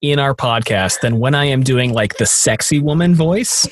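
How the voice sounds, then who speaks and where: Playful, husky man with a lively voice. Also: medium pitch, moderate pace, dry recording. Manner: playful, jokey. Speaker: guest podcaster. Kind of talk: casual chat.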